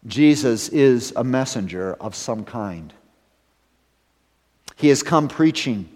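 A man preaching a sermon as pastor, building to emphatic rises and then dropping to hushed, serious lines. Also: mid-range voice, lively intonation, slow. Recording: long hall reverb.

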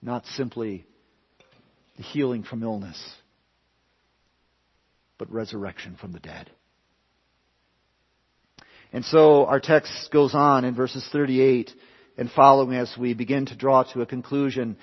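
A man preaches a sermon with a slightly husky voice, swinging from quiet, hushed stretches to loud, forceful climaxes. His words ring out through a long hall reverb. The recording sounds somewhat dull and lo-fi. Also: mid-range voice, a little slow, pauses often.

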